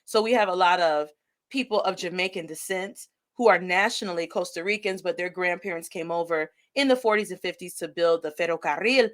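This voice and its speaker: Lively Detroit woman hosting a call. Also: lowish voice, a little fast. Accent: Detroit, Midwestern US. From Detroit, Michigan. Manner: energetic, expressive, switches between English and Spanish words. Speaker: podcast host. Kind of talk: conversational interview. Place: live video call.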